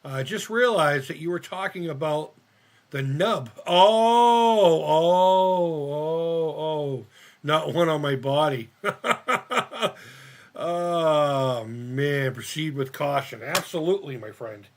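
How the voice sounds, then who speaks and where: A man's voice: fairly high pitch, measured pace. A man live-streaming as he builds a model kit, rambling and thinking aloud, swearing often and laughing at himself. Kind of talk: casual live-stream chat while crafting.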